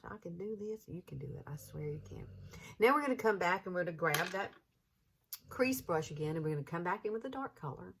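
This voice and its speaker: A woman in her fifties with a Southern US accent, chatting through a makeup tutorial in a folksy, encouraging way. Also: low voice. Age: 50s.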